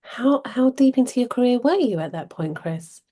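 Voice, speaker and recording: A woman's voice: on the high side, animated, moderate pace, warm tone. A woman interviewing, asking short questions and giving brief prompts.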